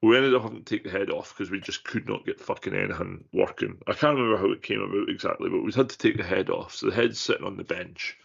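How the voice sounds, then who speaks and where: A man's voice: low voice, fast, vocal fry, few pauses, slightly rough. A young man, telling sweary stories in a casual podcast chat. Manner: sweary storytelling. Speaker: podcast co-host. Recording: muffled lo-fi recording.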